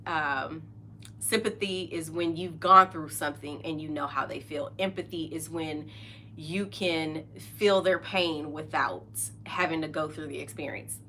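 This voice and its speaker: A woman's voice: deep voice, a little slow, bright, forceful tone, slight background noise. A middle-aged woman hosting a podcast, chatting casually and openly, often laughing and trailing off mid-sentence. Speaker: podcast host. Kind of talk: casual chat.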